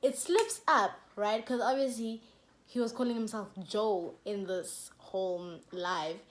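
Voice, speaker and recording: A young South African woman with a South African accent, telling a story in a chatty, animated vlog and dropping local words into her talk. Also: mid-range voice, measured pace. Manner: chatty and animated, with laughs and code-switching. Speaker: YouTuber.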